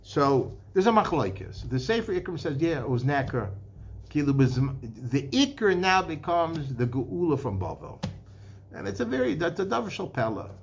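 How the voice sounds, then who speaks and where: A Torah teacher lectures in English peppered with Hebrew and Aramaic terms, often restarting and repeating words as he works through the sources. His voice is on the high side, gravelly and sing-song, at a normal speed. The podcast recording sounds dull and lo-fi, with a little hiss or hum.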